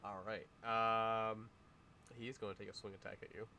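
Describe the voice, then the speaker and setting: A man narrating a tabletop game as its game master, describing the action in a halting, good-humored way, often chuckling. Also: on the low side, flat delivery, bright, forceful tone, a little hiss or hum.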